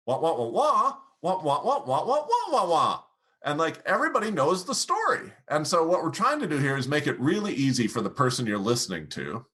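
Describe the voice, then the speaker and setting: A middle-aged man with a bright, forceful voice sitting low in pitch, teaching as a podcast guest. He speeds up, slows down, and pushes his pitch and volume up and down to show what he means. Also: husky. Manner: animated, swings pitch and volume to demonstrate. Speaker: guest speaking coach. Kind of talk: podcast interview, teaching public speaking.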